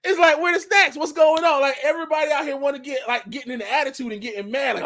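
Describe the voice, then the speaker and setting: A man giving a casual religious commentary monologue, animated and slangy, often breaking into laughter. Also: extremely high pitch, very fast. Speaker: vlogger.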